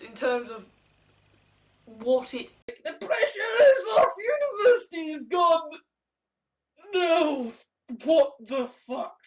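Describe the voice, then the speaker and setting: A woman vlogging, ranting bluntly and swearing constantly as she comments. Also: fairly high pitch. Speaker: video blogger.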